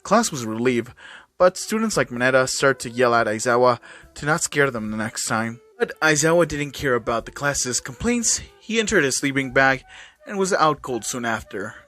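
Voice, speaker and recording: A man's voice: medium pitch, expressive, normal speed, pushed and bright, faint music behind. A man who hosts a channel, casually reading fan fiction aloud with small slips and fillers.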